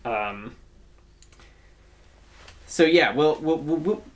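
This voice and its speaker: A man's voice: fairly high pitch, lively intonation, extremely slow. A man co-hosting a podcast, chatting casually about football with many fillers and restarts. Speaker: podcast co-host. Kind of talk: casual sports chat.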